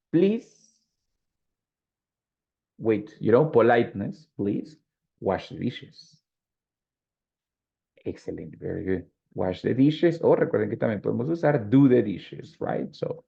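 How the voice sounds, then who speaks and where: A man with a gravelly, medium-pitched voice and a Colombian Spanish accent teaches an English class, explaining patiently and drifting into Spanish. The lo-fi audio sounds dull.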